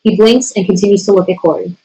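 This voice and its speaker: A woman's voice: medium pitch, husky, poor audio. Woman reading stage directions. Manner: steady, measured reading of scene directions. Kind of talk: screenplay table reading.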